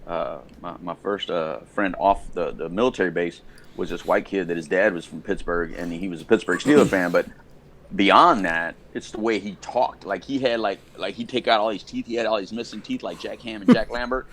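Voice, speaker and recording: Podcast co-host, middle-aged American man, lowish voice, animated storyteller, faint room ambience. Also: moderate pace, a little hiss or hum. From United States. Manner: storytelling, animated, acts out quotes. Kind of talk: casual chat.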